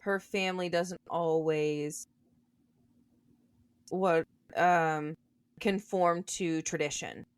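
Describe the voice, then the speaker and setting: A woman's voice: on the low side, fairly even intonation, slow, long pauses, clean tone, no room sound. A young woman co-hosting a podcast, chatting casually about a book and thinking her points through aloud. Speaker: podcast co-host.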